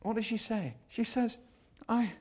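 Older man preaching, high voice. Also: animated, moderate pace. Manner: chatty, acts out quotes in voices. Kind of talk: sermon.

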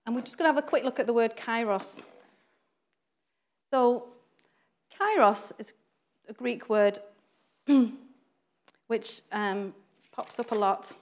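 Brit woman preacher, conversational delivery, acts out voices, slightly high voice. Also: takes it slowly, long pauses. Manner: chatty, acts out quoted voices, laughs often. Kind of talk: informal sermon.

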